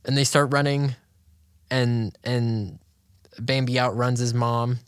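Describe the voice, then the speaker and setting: A man's voice: mid-range voice, slow pace, smooth, no echo. Guy chatting casually, laughs a lot, acts out bits, dry close mic. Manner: animated storyteller, laughs often. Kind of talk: casual chat.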